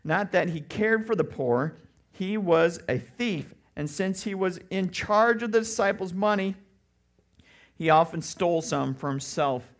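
Middle-aged man, pastor mid-sermon, raspy edge to a higher voice, lively and emphatic. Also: a little slow. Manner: animated, jumps into loud mocking voices.

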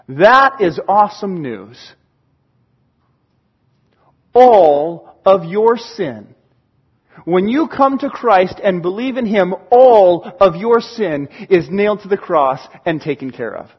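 A man's voice: high voice, animated, slow pace, husky, lo-fi sound. A male pastor preaching a conversational sermon, reading scripture and acting out short scenes.

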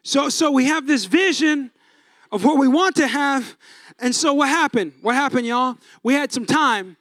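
A middle-aged man preaching a sermon as pastor, telling a family story with lively, shouted re-enactments. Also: very high voice, normal speed, no echo, clean studio sound. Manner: animated storytelling, acts out his own voice in shouted bursts.

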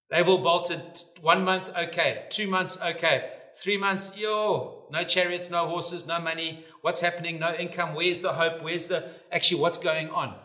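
Bright-voiced preacher in an echoey room. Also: male voice, high voice. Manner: emphatic, rising to loud declarations when quoting scripture. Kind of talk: sermon.

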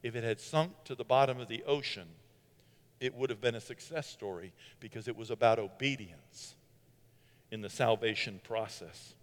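A man preaching a sermon in an animated way, with sarcastic asides, swinging from loud to hushed. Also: medium pitch, moderate pace, long reverb tail.

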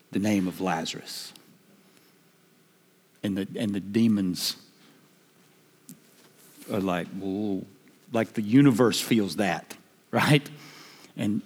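A man preaching a sermon, emphatic and building to shouts. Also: mid-range voice. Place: church hall. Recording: long hall reverb.

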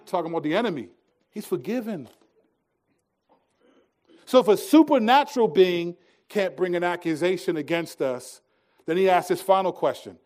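Hushed-to-emphatic preaching man, high voice. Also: expressive, normal speed, long pauses. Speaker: pastor. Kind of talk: sermon.

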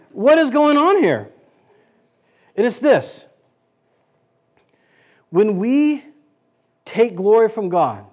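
Casting: male pastor with a high voice, relaxed conversational preaching, lots of rhetorical questions. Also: muffled recording. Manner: chatty, rhetorical questions, frequent restarts. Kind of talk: conversational sermon.

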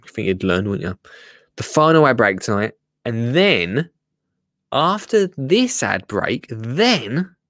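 A man's voice: mid-range voice, very animated, takes it slowly, a bit bright, no room sound, clean studio sound. A man hosting a casual livestream, chatty and laughing, often muttering to himself and trailing off while he works the computer. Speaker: livestream host. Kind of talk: casual live-stream chat.

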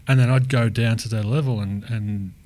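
A man's voice: mid-range voice, moderate pace. A man who works as a lived experience practitioner, talking reflectively in casual conversation. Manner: reflective, animated storytelling with restarts.

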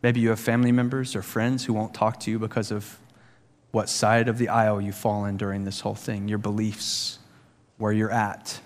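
A man preaching a sermon as pastor, earnest and full of rhetorical questions, growing animated as he tells stories. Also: on the low side, normal speed. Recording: long hall reverb.

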